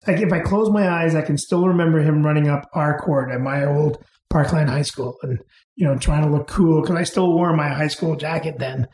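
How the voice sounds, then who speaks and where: A middle-aged man, an interview guest, telling anecdotes in an unhurried way and chuckling as he goes. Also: fairly high pitch, steady tone, darkish tone, reverberant, a little hiss or hum. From Canada. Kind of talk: casual storytelling.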